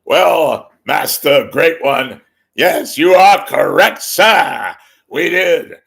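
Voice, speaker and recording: A man putting on the voice of a male TV sidekick announcer, loud and sycophantic with a hearty laugh. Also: a little high, lively intonation, drawn-out words, vocal fry, voice pushed up, exaggerated voice. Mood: fawning.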